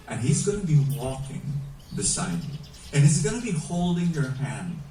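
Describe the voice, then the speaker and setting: Lively, slow-paced male preacher. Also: medium pitch, a little hiss or hum. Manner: animated, emphatic preaching with rhetorical questions. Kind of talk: sermon. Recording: echoey room, mic at a distance.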